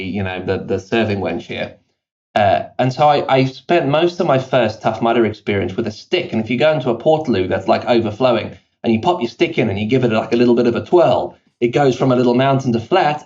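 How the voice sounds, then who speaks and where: A man's voice: mid-range voice, a little mellow, muffled recording. A man from South Africa with an accent that blends British and South African, telling self-deprecating stories as a guest in a podcast interview. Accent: mixed British and South African. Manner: self-deprecating anecdotes, quick with fillers and restarts. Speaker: CEO guest.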